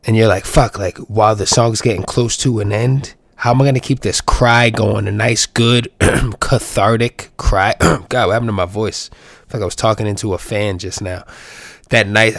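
A man's voice: fairly low pitch, no echo. A man hosting his own podcast, talking casually with profanity and rambling playful asides. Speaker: podcast host. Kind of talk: casual solo podcast monologue.

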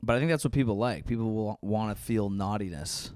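A man co-hosting a podcast in casual chat, laid-back, trailing off quietly and acting out stories. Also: fairly low pitch, a little fast, no echo, studio quality. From San Jose. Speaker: podcast co-host.

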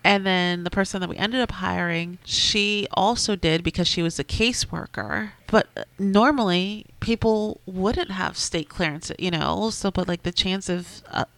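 A woman's voice: on the low side, moderate pace, gravelly, fairly bright tone, no echo, poor audio. A woman in her thirties chatting casually in a wry, talkative way. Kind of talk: casual chat.

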